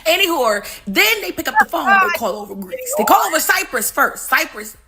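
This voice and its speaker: Lively high-voiced woman telling a story. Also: brisk. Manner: animated, profane, acts out voices with laughs. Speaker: livestream host. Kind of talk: casual storytelling commentary.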